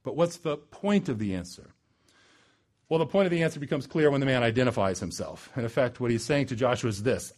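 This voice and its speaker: A man preaching a sermon, building to loud emphatic peaks and dropping low and slow for weight. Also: animated. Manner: dramatic swings in pitch and loudness, slows for emphasis.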